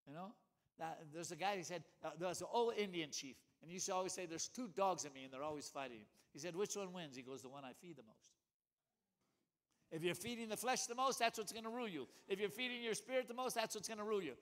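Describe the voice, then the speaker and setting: Emphatic male preacher, loud to hushed. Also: a little high, expressive, brisk. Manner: rhythmic catchphrases, calls of "come on". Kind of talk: sermon.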